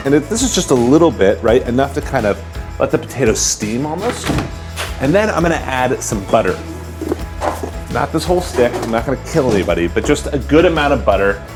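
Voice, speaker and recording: Lively upbeat cooking-show host, man. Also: medium pitch. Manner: chatty, upbeat, talks while cooking. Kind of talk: casual cooking demonstration.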